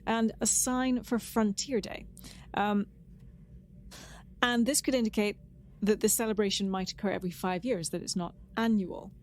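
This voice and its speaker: A woman's voice: medium pitch, fairly even intonation, normal speed, slight background noise. A woman co-hosting a casual podcast, chatting with enthusiasm and a lot of "um" restarts. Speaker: podcast co-host. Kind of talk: casual chat.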